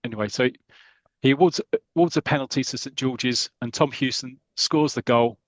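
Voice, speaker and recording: A man on a podcast retells a comic strip story in a relaxed, chatty way, stumbling and restarting as he goes. His voice sits at an ordinary middle pitch. The recording is close and dry, with no room sound. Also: normal speed, dry recording. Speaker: podcast co-host.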